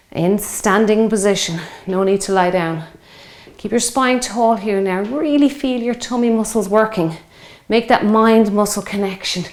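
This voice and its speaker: A woman's voice: mid-range voice, a little mellow. A woman in her fifties leading a workout, chatty and encouraging, counting reps aloud while out of breath from exercising along. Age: 50s. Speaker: fitness instructor. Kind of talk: guided workout instruction.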